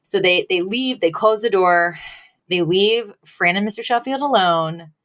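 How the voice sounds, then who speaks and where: A woman co-hosting a podcast, recapping a sitcom episode in a lively, casual way. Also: mid-range voice. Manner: animated retelling with quick acted quotes and laughs. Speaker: podcast co-host.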